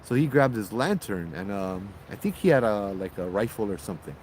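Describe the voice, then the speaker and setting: Male ghost-story host, low-ish voice, loose casual telling, faint noise behind. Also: fairly quick, low-quality recording. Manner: loose, animated, with repeated restarts and fillers.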